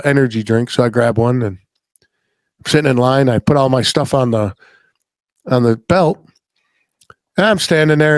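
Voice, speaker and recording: A man's voice: medium pitch, no room sound. A middle-aged man hosting a podcast, telling a story in a blunt, rambling, folksy way and swearing freely. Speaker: podcast host. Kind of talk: casual storytelling chat.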